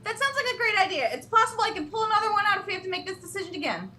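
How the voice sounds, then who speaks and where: A woman's voice: extremely high pitch, sing-song, very fast, sharp tone, a little hiss or hum. A woman in a tabletop role-playing game, talking in a chipper, rambling way. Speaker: player. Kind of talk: tabletop role-play chat.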